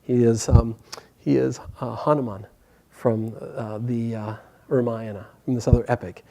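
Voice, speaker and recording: A man teaches a spiritual class, telling a story in a gentle, hesitant way with plenty of pauses and filler words. His mid-range voice stays steady in tone and carries some vocal fry.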